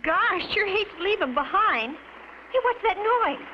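A woman voicing an eager young boy sidekick who sounds anxious and excitable, on a lo-fi 1950s cartoon soundtrack. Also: very high voice, a little slow. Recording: dull lo-fi 1950s TV soundtrack with noise.

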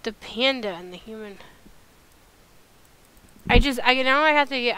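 A woman hosting a casual let's-play video, talking through her game in an animated, exasperated way as she thinks aloud. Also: fairly high pitch, measured pace, long pauses, background noise. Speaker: gameplay video host.

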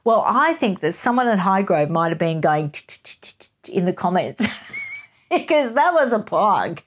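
A woman's voice: mid-range voice, sing-song, normal speed. A middle-aged woman, hosting a casual gossip chat in a playful, giggly way. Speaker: host.

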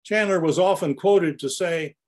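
A man's voice: high-pitched, moderate pace. An older man narrating his own photographs in an anecdotal, storytelling way as he presents them.

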